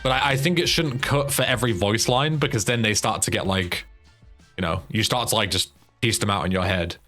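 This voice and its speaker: A man with a lowish voice gives offhand commentary over a game, critiquing and thinking aloud. His talk is casual and blunt, with swearing mixed in. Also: brisk, bright, forceful tone, soft background music. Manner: chatty, critical, swears freely. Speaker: streamer.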